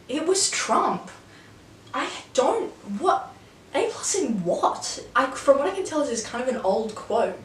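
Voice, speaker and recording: A woman's voice: on the high side, distant mic, a little hiss or hum. A chatty Australian woman hosting a quiz video, with wry commentary that often swears. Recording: echoey room, mic set back.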